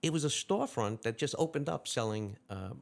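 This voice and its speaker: A gravelly-voiced man, rattling off stories at a quick clip. He tells them animatedly and acts out the other people's lines along the way. He is a retired lieutenant, speaking as a guest in a casual interview. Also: mid-range voice. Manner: animated anecdotes with quick quoted dialogue.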